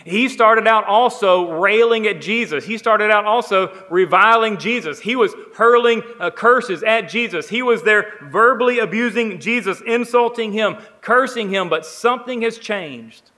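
A man preaching a sermon, emphatic, building on repeated phrases and swinging between quiet, slow lines and raised ones. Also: sits high, long reverb tail. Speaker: pastor.

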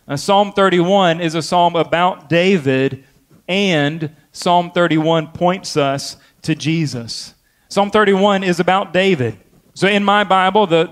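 Earnest pastor, man with higher voice. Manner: earnest, repeats phrases for emphasis. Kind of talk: sermon with opening prayer.

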